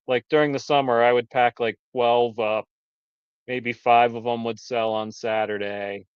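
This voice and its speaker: Chatty beekeeper man, smooth voice. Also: mid-range voice, dry recording. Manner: chatty, explains products in detail. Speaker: beekeeper selling honey. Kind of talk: casual live-stream chat. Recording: dull lo-fi stream audio.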